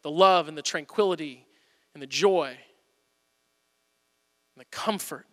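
A man in his thirties preaching a sermon, telling family stories with animated swings from loud to hushed. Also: fairly high pitch, measured pace, big-room sound. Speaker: pastor.

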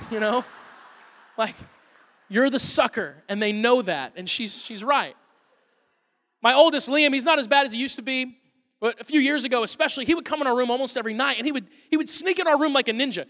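A man pastor with a very high, bright voice tells humorous family stories in an Easter sermon. His words carry a long reverb from a large church hall. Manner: humorous storytelling, self-deprecating asides. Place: church auditorium.

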